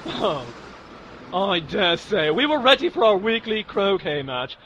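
A man voicing a pompous, fussy upper-class gentleman who lives for croquet, in an improv comedy scene. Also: sits high, very animated, unhurried, slight background noise, full character voice, low-quality recording. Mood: indignant. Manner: fussy, indignant.

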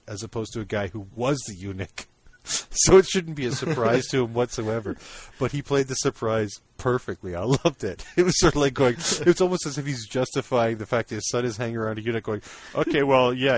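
Guy on a podcast chatting loose, laughs a lot, middle pitch. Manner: laughs often, animated retelling of jokes. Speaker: podcast co-host. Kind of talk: casual chat.

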